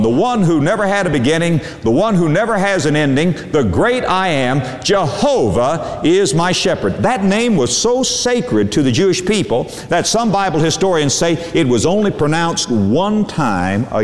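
Man, sermon, lively swooping pitch, dramatic drawn-out emphasis, echoey church hall. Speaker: preacher. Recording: echoey hall with long reverb.

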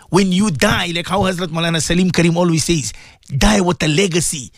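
A man's voice: high-pitched, fast talker, no echo, clean studio sound. A man, preaching fervently as an Islamic radio presenter and calling out again and again to his listeners. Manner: fervent, repetitive, preachy, addresses listeners directly. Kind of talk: impassioned religious radio talk.

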